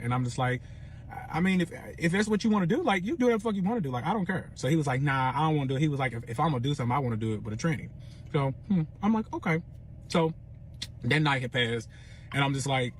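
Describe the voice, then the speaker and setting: A young man recounts a personal story in casual, profane speech, animatedly acting out the other people's lines as he goes. His voice sits at medium pitch, with a little hiss or hum in the background.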